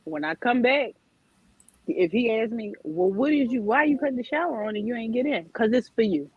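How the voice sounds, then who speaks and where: A woman's voice: a little high, animated, brisk, slightly rough, no room sound, phone-quality sound. A woman panelist, emphatic and preachy in her storytelling. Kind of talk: live panel chat.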